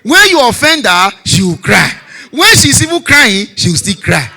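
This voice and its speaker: A man in his forties with a Nigerian Pidgin English accent, telling stand-up comedy stories, shouting punchlines and dropping low for asides. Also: very animated, moderate pace, vocal fry. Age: 40s.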